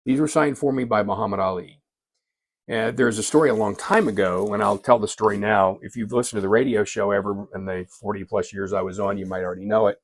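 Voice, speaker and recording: A man's voice: on the low side, fairly even intonation, fast, dry recording. An older man, a veteran sports radio broadcaster, telling stories casually in a folksy, self-deprecating way with frequent restarts. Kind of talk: casual storytelling. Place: indoor room with sports memorabilia.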